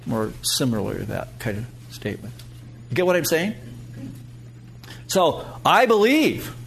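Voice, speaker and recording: A man preaching a sermon as pastor to his congregation, emphatic, rising to loud peaks and dropping low. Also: big pitch swings, brisk, creaky, a little hiss or hum.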